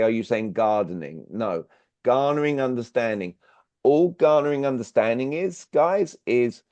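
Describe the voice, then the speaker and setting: A man from Britain, working as a clarity coach, hosts an interactive online workshop and keeps putting questions to the audience. His voice is medium-pitched with a darkish tone, heard through dry, slightly dull video call audio with no room sound.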